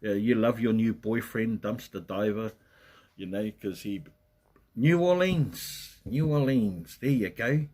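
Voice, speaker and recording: Aussie guy rambling on a live stream, bit husky, says hi to everyone in chat. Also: fairly low pitch, measured pace, a little mellow. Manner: chatty, rambling, greets viewers by name. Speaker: livestream host. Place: at home in Western Australia.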